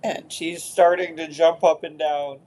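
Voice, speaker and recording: A woman therapist narrating an inner therapy session in a soft, hesitant way, with many fillers. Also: deep voice, steady tone, a little slow.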